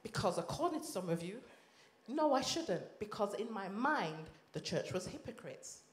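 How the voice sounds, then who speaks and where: A woman minister from Leeds with a Yorkshire accent, giving an impassioned sermon testimony that swings between loud and hushed. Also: medium pitch, sing-song, moderate pace. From Leeds, England. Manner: impassioned, rises and drops sharply in volume. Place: church or conference hall. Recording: echoey hall.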